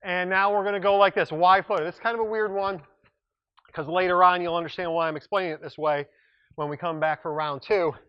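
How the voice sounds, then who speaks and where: A man's voice: sits high, fairly even intonation, fairly quick, clear, resonant tone, dull audio. A man coaching a workout class as its instructor, upbeat and joking, breaking off mid-sentence now and then. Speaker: fitness instructor. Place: exercise room.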